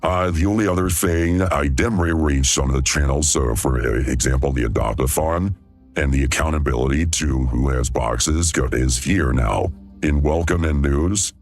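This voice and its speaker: A man hosting a livestream, talking in a smooth, laid-back way. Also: very deep voice, normal speed, soft background music. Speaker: livestream host. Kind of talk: casual livestream chat.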